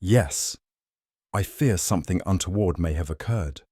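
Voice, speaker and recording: A man voices a slight, watchful priest with a Portuguese accent. He speaks low and carefully, guarding every word, with a deep voice. The sound is dry. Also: unhurried, warm tone, husky, no echo.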